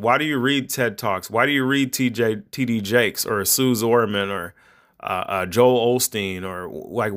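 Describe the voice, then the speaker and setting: A man's voice: on the low side, fairly bright tone. A middle-aged man hosting a podcast, giving rambling, conversational advice to parents in a preachy tone. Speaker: podcast host. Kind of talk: casual monologue podcast.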